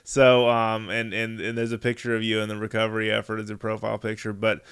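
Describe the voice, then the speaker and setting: A man's voice: lowish voice, monotone, fast, a bit bright, clean tone. A man hosting an interview, enthusiastic and rambling. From Texas. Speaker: host. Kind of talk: interview talk.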